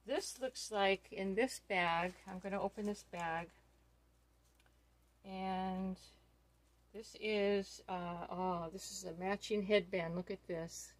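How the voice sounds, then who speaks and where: Middle-aged woman, unhurried unboxing vlogger, breathless gushing delight. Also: medium pitch. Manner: gushing, awestruck, full of fillers. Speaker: doll collector vlogger. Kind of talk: casual unboxing chat.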